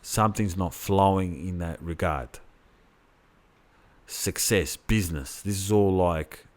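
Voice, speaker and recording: A man's voice: sits low, slow pace. A man co-hosting a podcast, rambling in casual chat with plenty of swearing and restarts. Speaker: podcast co-host.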